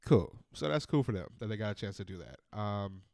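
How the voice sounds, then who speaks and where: Low-voiced man ranting casually. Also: a little fast, no echo, studio quality. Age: 30s. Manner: profane, ranting, animated storytelling. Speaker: podcast host. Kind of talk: casual monologue.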